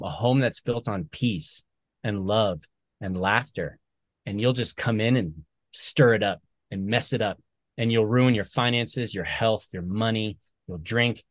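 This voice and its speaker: A man, a military veteran and author, talking earnestly as a podcast guest, animated when he quotes other people. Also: on the low side, no room sound. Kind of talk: conversational storytelling.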